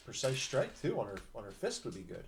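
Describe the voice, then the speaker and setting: A man's voice: mid-range voice, wildly swooping pitch, brisk, gravelly. A man in his forties playing a tabletop game, joking and teasing the others. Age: 40s. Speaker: player. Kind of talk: casual chat at a game table. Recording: echoey room with faint noise.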